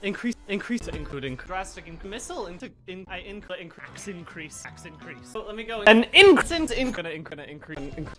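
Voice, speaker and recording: An animated man speaks in a rapid string of chopped-up single-word clips. His delivery lurches between loud bursts and quiet mutters, set over clear background music. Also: high-pitched. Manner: animated, jumpy delivery shifting loud and soft. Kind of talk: rapid supercut of clipped single words.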